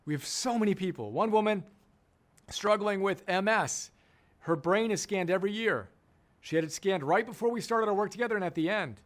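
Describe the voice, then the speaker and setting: A man's voice: sits high, brisk. A middle-aged man, a coach and program founder, giving an emphatic teaching talk and repeating key phrases for effect.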